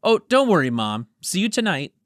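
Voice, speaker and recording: A man voicing an eager, easily flustered young man in an audiobook, talking in quick exclamations. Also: fairly high pitch, no room sound, clean studio sound, pitched above the performer's own voice. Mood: excited. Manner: excitable, exclamatory.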